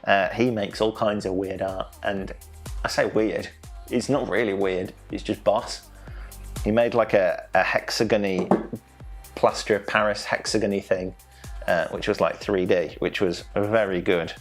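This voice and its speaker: A man's voice: lowish voice, steady tone, unhurried, soft background music. A young man hosting an online quiz from home, playful and jokey, stumbling over foreign names. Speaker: quiz host.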